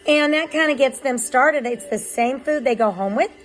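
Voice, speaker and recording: Woman dog breeder, casual explainer, fairly high voice, soft music bed underneath. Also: normal speed, poor audio. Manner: chatty and explanatory, with filler ums. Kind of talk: casual vlog narration.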